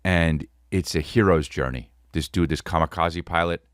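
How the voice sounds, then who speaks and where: Male podcast host spinning comic bits, animated and profane, low voice, dead-dry studio. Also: normal speed, clear, resonant tone, no room sound. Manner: animated, profane, peppered with "dude". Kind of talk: comedic storytelling.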